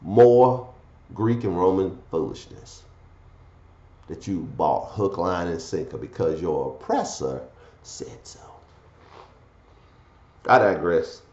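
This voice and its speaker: A man preaching a fiery scripture sermon, swinging from loud declaiming to low muttered asides. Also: roomy sound, lo-fi sound.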